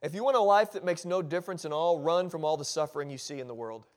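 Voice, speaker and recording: A man's voice: a little high, fast talker. A male pastor preaching a sermon in a church, driving points home with short, repeated exhortations. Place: church sanctuary.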